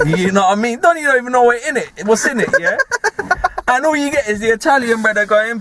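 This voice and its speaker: A young man with a London accent telling a story in casual, slangy chat, animated and laughing often. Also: extremely high pitch, quick pace, background noise. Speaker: podcast host.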